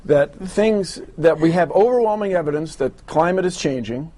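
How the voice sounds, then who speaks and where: A man's voice: a little high, animated, normal speed, dark tone. Emphatic man arguing science. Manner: emphatic, earnest, arguing in long explanations. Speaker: science communicator in debates. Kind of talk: debate and interview talk.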